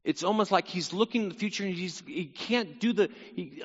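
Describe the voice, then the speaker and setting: A man's voice: high-pitched, a little fast, hardly any pauses, big-room sound, dull audio. A man teaching through a psalm in sermon style, earnest, repeating phrases and voicing the psalmist's cry. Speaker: Bible teacher.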